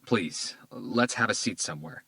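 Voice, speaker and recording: A man voicing a calm, quiet police detective who speaks gently and evenly in an audiobook thriller. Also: lowish voice, moderate pace, gravelly, no echo, full character voice. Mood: gentle.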